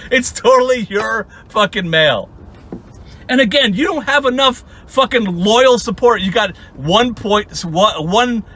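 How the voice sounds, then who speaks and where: A young man with a high, bright voice rants as a channel host, mocking his target with sarcasm and plenty of swearing. He laughs often as he talks. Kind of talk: angry ranting commentary.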